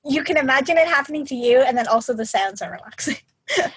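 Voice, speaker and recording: A woman co-hosting a podcast in casual chat, animated and expressive. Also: high voice, fast, breathy edge, no room sound. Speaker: podcast co-host.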